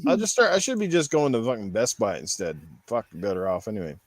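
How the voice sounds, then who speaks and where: A man's voice: fairly low pitch, huge pitch swings, fast, dry recording, clean studio sound. A man, hosting a casual podcast, ranting heatedly with lots of swearing. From Newfoundland, Canada. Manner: heated, swearing, mocks store clerks in put-on voices. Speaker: podcast host. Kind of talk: casual profane rant.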